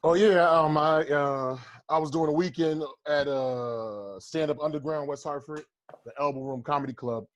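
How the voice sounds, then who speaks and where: A man's voice: on the high side, normal speed, dry recording. A man, a comedian, telling a story in casual chat over a video call, swearing freely and acting out the quotes. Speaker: stand-up comedian, guest.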